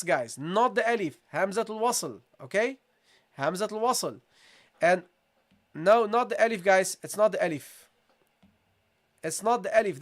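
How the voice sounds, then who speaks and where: A man teaching a live online recitation lesson, patiently repeating questions to viewers and modelling sounds slowly. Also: sits high, fairly bright tone.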